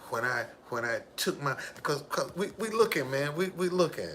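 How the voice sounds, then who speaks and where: A man's voice: fairly high pitch, animated, normal speed, a bit bright, slight background noise. A man telling his own life story in an emphatic way, repeating his key phrases for weight. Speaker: driver. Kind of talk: personal storytelling monologue.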